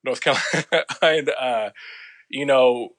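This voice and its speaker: A man telling a long story in a casual interview, slangy and profane, with loose rambling restarts and quick impressions of other people. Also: medium pitch, a bit bright. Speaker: guest.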